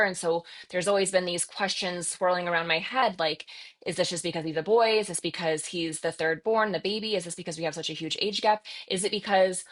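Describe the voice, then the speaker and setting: A middle-aged woman hosting a podcast, telling a personal story in an earnest, confessional way, with lots of "like" and "right?" fillers. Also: lowish voice. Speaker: podcast host.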